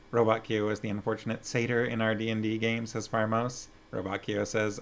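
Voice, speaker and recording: A man's voice: lowish voice, little pitch movement, moderate pace. A man streaming, reading a novel aloud expressively and chatting with viewers. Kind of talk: audiobook-style narration and chat.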